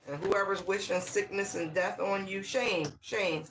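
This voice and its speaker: An excitable tarot reader gives a casual channeled reading, speaking straight to the viewer at a middle pitch. The delivery bursts into exclamations, repeats words for emphasis and keeps checking in with "right?" A faint hiss sits under the voice. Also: a little slow. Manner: talks straight to the viewer, often asking "right?".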